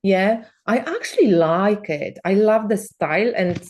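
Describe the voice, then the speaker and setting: A woman's voice: medium pitch, lively intonation, measured pace, darkish tone, a little hiss or hum. Swearing, laughing woman on a video call. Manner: swears freely, laughs often, teasing. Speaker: co-host. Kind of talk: casual chat on a video call.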